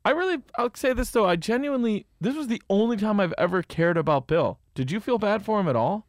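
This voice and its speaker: A young man co-hosting a podcast in casual chat, animated, ranting and teasing his friend. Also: sits high, no echo, clean studio sound. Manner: animated, quick to rant and tease. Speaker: podcast co-host.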